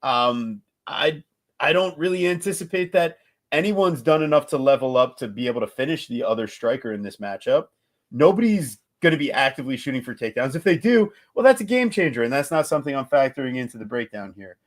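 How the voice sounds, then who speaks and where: A man co-hosting a casual fight-betting show, talking in an animated, jokey, rambling way. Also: mid-range voice, fairly quick. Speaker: podcast co-host and betting analyst.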